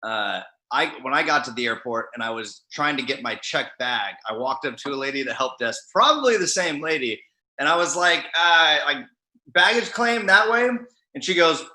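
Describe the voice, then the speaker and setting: A man's voice: on the high side, animated, normal speed, bright, forceful tone, reverberant, low-quality recording. A man, a guest actor, telling a story in a laid-back way, full of "like". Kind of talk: casual chat on a live stream.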